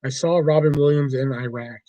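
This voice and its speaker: A man's voice: a little high, fairly quick, dark tone, no echo, poor audio. A man hosting a livestream, chatting casually about movies in a rambling, profane way. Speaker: livestream host.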